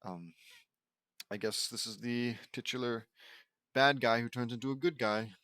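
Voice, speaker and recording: A man's voice: mid-range voice, steady tone, measured pace, sharp tone, clear, resonant tone, dry recording. A man reading fan fiction aloud and mocking it with dry, sarcastic asides. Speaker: reader commenting on fan fiction. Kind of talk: sarcastic dramatic reading with commentary.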